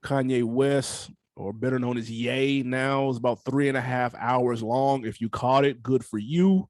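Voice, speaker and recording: A man's voice: medium pitch, fairly even intonation, a little slow, dry recording. A man co-hosting a podcast who tells stories in a laid-back, rambling, profane way and leads the show's segments. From United States. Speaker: podcast co-host. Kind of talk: casual podcast chat.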